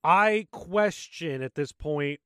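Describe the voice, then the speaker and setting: Man, fairly high voice, dry sound, relaxed gaming chat, jokey. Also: slow pace, clear, resonant tone, no echo. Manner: relaxed, narrates gameplay, jokes. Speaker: podcast co-host.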